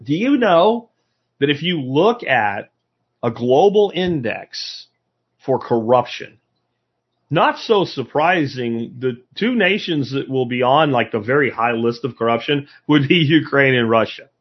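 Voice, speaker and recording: A husky, slightly breathy American man talks to a live audience in a loose, opinionated way, leaning on emphasis and rhetorical questions. The recording sounds dull and lo-fi. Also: medium pitch, expressive, unhurried. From United States. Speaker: speaker addressing a live audience. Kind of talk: casual opinionated lecture.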